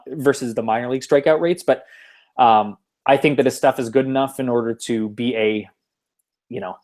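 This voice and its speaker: A man's voice: medium pitch, a little mellow. Rambling male sports podcast host. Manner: rambling, lots of fillers and restarts. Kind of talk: casual sports chat. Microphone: home computer mic over an online call.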